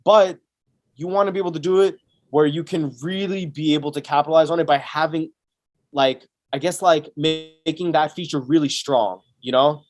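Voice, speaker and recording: A man's voice: on the high side, steady tone, moderate pace, faint music behind. A man, a guest on a business podcast, explaining his method step by step in casual talk, full of "right?" and "you know". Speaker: guest, Amazon seller.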